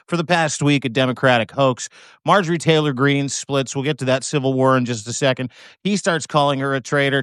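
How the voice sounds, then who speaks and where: A man's voice: medium pitch, a bit bright, clear, resonant tone, dry recording, clean studio sound. A man hosting a casual political talk show. He swears freely, mocks, and reads posts aloud. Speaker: show host.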